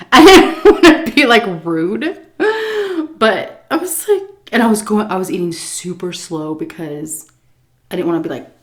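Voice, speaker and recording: A woman's voice: lowish voice, lively intonation, measured pace. A woman food vlogger telling a story in a chatty, casual way while she eats, often breaking into laughs.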